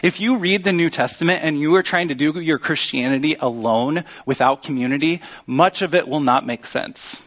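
A man preaching a sermon as pastor, earnest and teaching, with emphatic pauses. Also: on the high side, a bit bright.

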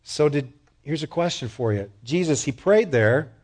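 A man with a somewhat high voice delivers a sermon like a conversation with his congregation. He asks them questions and gets lively when he retells a story. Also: normal speed, slightly rough. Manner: conversational preaching with rhetorical questions. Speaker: pastor.

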